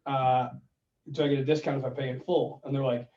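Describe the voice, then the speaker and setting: Male co-host, animated storyteller, off-mic with a dull, roomy sound. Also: mid-range voice, fairly quick, far from the mic. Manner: animated storyteller, acts out phone calls. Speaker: podcast co-host giving money advice. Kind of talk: casual chat.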